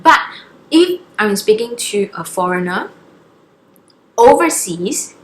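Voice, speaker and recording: A woman's voice: medium pitch, very animated, slow pace, echoey room, a little hiss or hum, rough recording. A young woman from Singapore with a light Singaporean English accent, chatting to camera in a casual, filler-heavy way. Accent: Singaporean English, softened toward international. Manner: chatty, many fillers and asides. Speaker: YouTuber.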